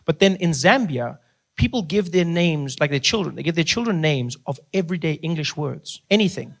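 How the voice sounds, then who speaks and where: A man's voice: fairly high pitch, lively intonation, brisk, vocal fry. A man from Africa, doing stand-up in a conversational, emphatic way. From South Africa. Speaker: stand-up comedian. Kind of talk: stand-up storytelling.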